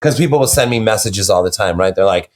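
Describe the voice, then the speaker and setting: A man's voice: lowish voice, animated, quick pace. A man, a horror novelist guest, talking in a rambling, casual way with many restarts. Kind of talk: casual interview chat.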